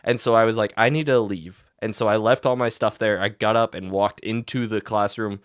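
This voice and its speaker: A young man tells a long story with plenty of ums and restarts. His voice sits fairly low and sounds dry and close to the mic. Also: level tone, a little fast, clean tone, dry recording. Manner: rambling storytelling with many fillers and restarts. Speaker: podcast co-host. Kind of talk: casual chat.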